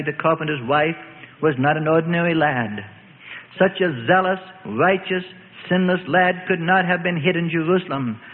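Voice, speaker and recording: A man narrating a Bible story in a dramatic preaching cadence, with emphatic lists, on a tinny, echoing recording. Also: on the high side. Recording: tinny phone-like line with long reverb.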